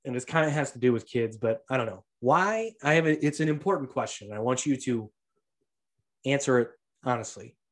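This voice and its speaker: A man and young father telling profane, animated stories on a casual podcast, acting out the voices of the people in them. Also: mid-range voice, fairly quick. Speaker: podcast co-host; father of a toddler. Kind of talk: casual storytelling.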